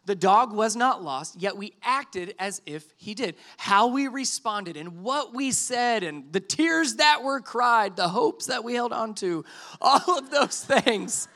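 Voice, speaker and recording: A man in his thirties preaches through a comic family anecdote, voice pitched high and ringing bright. He acts out each line of dialogue and pokes fun at himself as the story builds toward its lesson. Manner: animated storytelling, acts out quotes, self-deprecating asides. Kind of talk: sermon illustration told as a story.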